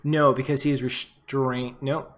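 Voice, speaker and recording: A man running a tabletop game as game master, chatty and relaxed, with filler words. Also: medium pitch, slow pace.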